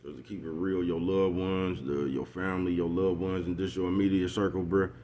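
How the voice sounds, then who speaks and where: Deep-voiced man rambling in street slang. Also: fairly even intonation, a little fast, warm tone, a little hiss or hum. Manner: rambling, repetitive, street slang, keeps asking "you know what I'm talking about". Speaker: vlogger. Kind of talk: casual motivational monologue.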